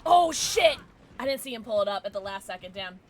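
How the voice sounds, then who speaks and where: A woman's voice: medium pitch, very animated, fairly quick, a little hiss or hum. A young woman streaming a game, chatting casually with her viewers and reacting with frequent giggles. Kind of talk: casual gaming livestream chat.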